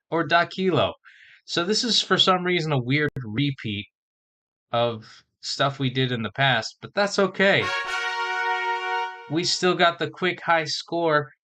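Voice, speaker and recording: A man vlogging casually as he learns a language, slowly sounding out and spelling words and thinking aloud. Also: medium pitch, sharp tone.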